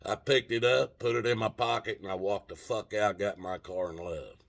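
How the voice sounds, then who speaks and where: A man's voice: fairly low pitch, steady tone, normal speed, gravelly. A man telling a long personal story in a casual, rambling way, with frequent restarts and plenty of swearing.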